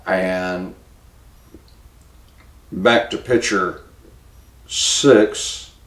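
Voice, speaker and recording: A man hosting a local news commentary show, talking in a plainspoken, halting way and cueing a producer to put up pictures. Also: low-pitched, fairly even intonation, reverberant. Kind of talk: casual spoken commentary.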